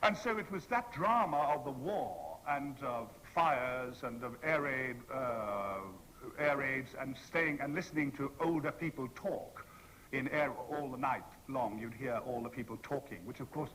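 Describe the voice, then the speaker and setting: A man's voice: medium pitch, animated, moderate pace, a bit bright, a little hiss or hum, low-quality recording. Theatrical older man spinning a yarn. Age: 60s. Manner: theatrical, playful, acts out the people he quotes. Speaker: convention panel guest. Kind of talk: anecdotal storytelling to an audience. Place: convention hall panel with an audience.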